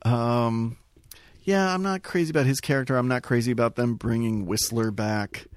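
A man co-hosting a casual movie chat, animated and swearing freely, speaking in quick bursts. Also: medium pitch, no room sound, studio quality. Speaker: podcast co-host.

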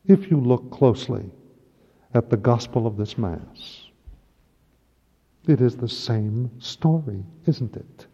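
Impassioned preacher in an echoing church. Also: male voice, medium pitch, animated, slow pace, pauses often, dark tone, husky. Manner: impassioned, rising to emphatic peaks. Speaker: priest. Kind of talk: sermon. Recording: dull lo-fi recording in a long-reverb hall.

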